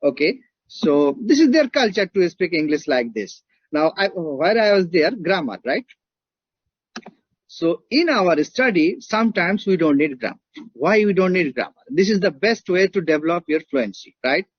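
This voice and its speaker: Husky high-voiced Indian man lecturing. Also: very animated, moderate pace, no room sound, muffled recording. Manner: emphatic, repeats points and checks in with "right?". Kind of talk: classroom lecture.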